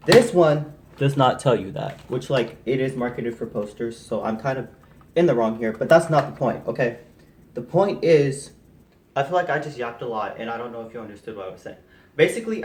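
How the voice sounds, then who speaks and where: Man, middle pitch, casual bedroom vlog into a phone, rambling and self-deprecating, slightly winded. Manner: chatty, rambling, self-deprecating, lots of fillers. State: slightly out of breath. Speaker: vlogger. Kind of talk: casual chat to camera while decorating. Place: bedroom, indoors.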